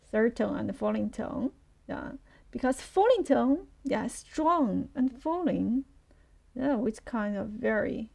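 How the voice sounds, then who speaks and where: A woman's voice: a little high, gravelly, mellow. A woman with a Chinese accent teaching a live online lesson, patiently repeating words for her learners.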